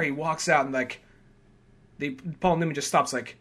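A man's voice: on the high side, steady tone, normal speed, pauses often. Rambling young man reviewing a film. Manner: rambling, many fillers, acts out quotes loudly. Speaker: podcast host. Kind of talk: casual film review chat.

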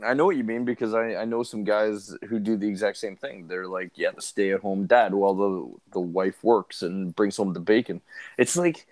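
A man's voice: on the low side, fairly even intonation, normal speed, darkish tone. A man chatting casually as a podcast co-host, reacting in short, easygoing replies. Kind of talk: casual chat.

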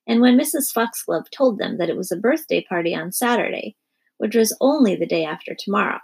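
A woman reading a children's storybook aloud, gently voicing each character's lines. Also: mid-range voice, slightly rough. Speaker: narrator.

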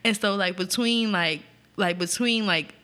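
Bright-voiced woman telling a wild story. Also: medium pitch, measured pace. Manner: profane, animated, laughs a lot. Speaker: podcast co-host. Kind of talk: storytelling in casual chat.

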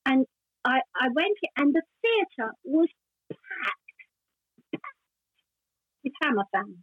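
A woman's voice: high voice, very animated, slow, no echo. An older woman, a former actress, telling long anecdotes in a chatty, rambling way during an interview. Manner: warm, chatty anecdotal storytelling with many restarts. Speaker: actress guest. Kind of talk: casual interview chat. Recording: dry tinny phone-like line.

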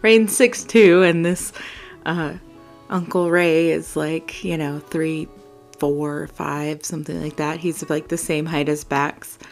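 A woman hosting a solo tabletop game podcast, narrating in a relaxed, rambling way. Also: low voice, slow, soft background music.

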